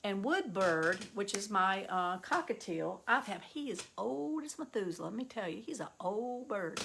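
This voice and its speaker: Middle-aged woman, chatty excitable storyteller, gravelly voice for a casual vlog. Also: moderate pace, a little hiss or hum. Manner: excitable, chatty storyteller with bursts of high-pitched delight. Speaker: vlogger showing yard sale finds.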